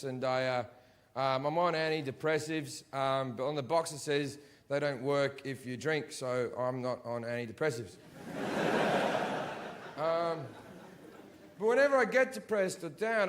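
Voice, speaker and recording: A male stand-up comedian performing in a large theatre, swinging between shouted rants and low mutters, with heavy swearing. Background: audience laughter.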